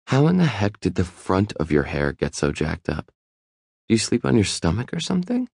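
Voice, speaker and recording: A man voicing a sharp, observant young woman who questions bluntly in audiobook dialogue. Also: on the low side, wildly swooping pitch, vocal fry, breathy edge, dry recording, studio quality, pitched above the performer's own voice, exaggerated voice. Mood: probing. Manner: brisk, deductive questioning.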